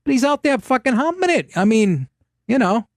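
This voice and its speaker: A man hosting a talk radio show, ranting and telling stories in a profane, animated way from a studio. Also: very high voice, moderate pace, no echo. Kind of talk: casual talk radio monologue.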